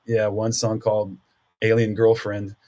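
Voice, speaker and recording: Chatty man musician, halting speech. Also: lowish voice, monotone, mellow. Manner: chatty, halting, with fillers and laughs. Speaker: guest musician. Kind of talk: casual chat.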